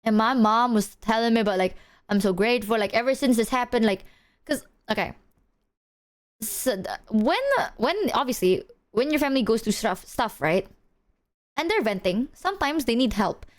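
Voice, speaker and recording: Animated young woman streamer, fairly high voice. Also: moderate pace. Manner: animated storytelling with acted quotes; swears casually. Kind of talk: casual chat with viewers.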